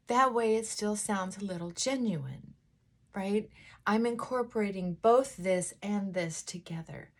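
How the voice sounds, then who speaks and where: A woman vlogger chatting casually while getting ready, talking things through in a thoughtful, unhurried way with frequent pauses and fillers. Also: mid-range voice. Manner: unhurried, reflective, thinking aloud.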